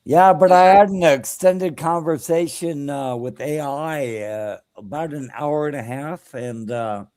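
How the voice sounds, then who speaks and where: A man's voice: on the high side, measured pace, few pauses, a little mellow, dry recording. A man hosting a live stream, chatting casually in a blunt, crude, opinionated way with lots of fillers. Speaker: streamer host.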